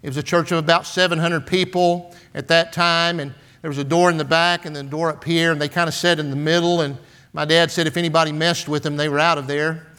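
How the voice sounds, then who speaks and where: A man's voice: on the high side, little pitch movement, fast, bright, forceful tone, clean tone. A man, preaching in a folksy, storytelling way full of "and, uh" and "man". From San Antonio, Texas. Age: 60s. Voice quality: folksy, filler-heavy with "and, uh" and "man". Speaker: pastor. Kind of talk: storytelling sermon.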